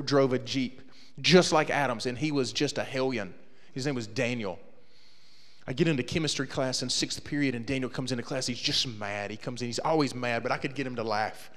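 A man telling a comedic story to a young audience, acting out his friends' voices and shouting the punchlines. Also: mid-range voice, big-room sound.

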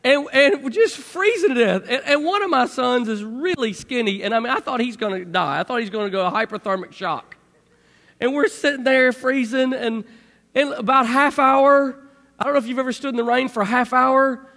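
A middle-aged man telling a personal story to an audience in a lively way, acting out shouts and sound effects. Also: very high voice, moderate pace, in a large hall.

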